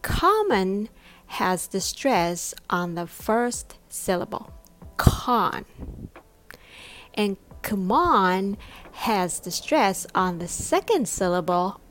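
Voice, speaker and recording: A woman teaching English pronunciation, modelling words slowly with exaggerated stress and repeating each one. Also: medium pitch, big pitch swings. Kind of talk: slow deliberate pronunciation lesson.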